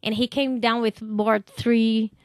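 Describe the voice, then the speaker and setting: Brazilian woman telling wild stories on a podcast, kinda high voice, laughs and swears a lot, dry close sound. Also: takes it slowly, clean tone, no room sound. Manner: laughing, swearing, animated storyteller. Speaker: podcast guest. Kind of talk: casual storytelling.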